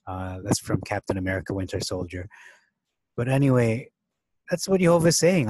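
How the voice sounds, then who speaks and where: A Bible teacher casually works through a scripture passage, thinking aloud with plenty of fillers and restarts while stressing key words. His medium-pitched, darkish voice is expressive and fairly quick, recorded roughly but without echo.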